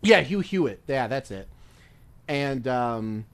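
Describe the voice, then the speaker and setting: A man's voice: mid-range voice, animated, takes it slowly, a bit bright. A male streamer chatting casually while gaming, rambling through stories with free swearing. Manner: rambling, swears freely, loose storytelling.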